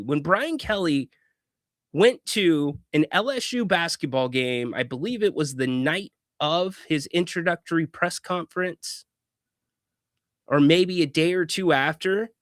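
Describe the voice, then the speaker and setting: A man's voice: on the high side, fairly bright tone, no echo, studio quality. A man hosting a casual sports talk show, opinionated, often restarting words and chuckling.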